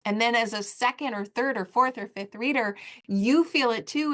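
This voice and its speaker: A woman's voice: a little high, normal speed, fairly bright tone. A woman in her forties hosting a solo podcast, talking in an earnest, heartfelt way and repeating phrases for emphasis. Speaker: podcast host.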